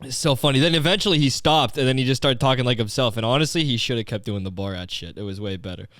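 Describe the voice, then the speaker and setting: A man's voice: mid-range voice, fast, a bit bright, no echo, studio quality. A young man from Canada hosting a comedy podcast, talking in a profane, rambling, slang-heavy rant. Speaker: podcast host.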